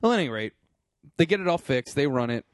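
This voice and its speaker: A man's voice: mid-range voice, big pitch swings, quick pace, no echo, clean studio sound. A man co-hosting a podcast, recapping a TV show in loose, jokey chat and slipping into silly voices. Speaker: podcast co-host.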